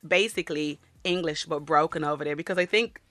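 Casting: woman with a Dublin accent, lower-pitched, bright tone, dry close sound, lively storyteller. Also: brisk, no room sound. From Caribbean, raised in Dublin from age ten. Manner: lively storyteller, laughs easily. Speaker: panel guest. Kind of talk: casual chat.

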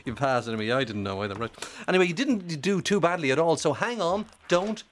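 A man's voice: fairly high pitch, lively intonation, slight background noise. A man hosting a radio quiz phone-in, teasing and bantering with callers. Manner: playful, teasing, quick banter.

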